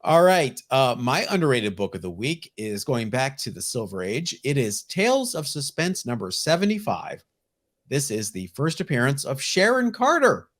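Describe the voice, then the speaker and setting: On a laid-back comic book collecting podcast, a male co-host speaks at a moderate pace in a mid-range voice. His manner is enthusiastic, full of lively banter about collecting.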